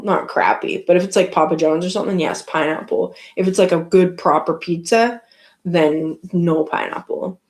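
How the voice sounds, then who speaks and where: A Canadian woman hosting a casual live stream, chatting with viewers in a rambling way full of likes and restarts. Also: on the low side. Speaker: livestream host.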